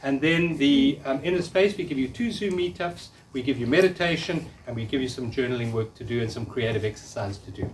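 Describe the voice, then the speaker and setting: A man's voice: medium pitch, a little fast, few pauses, recorded from a distance, slight background noise. A man in his fifties giving a live spiritual workshop talk, earnestly coaxing the audience to repeat affirmations after him. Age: 50s. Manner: earnest, coaxing, leads audience call-and-response. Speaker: workshop speaker.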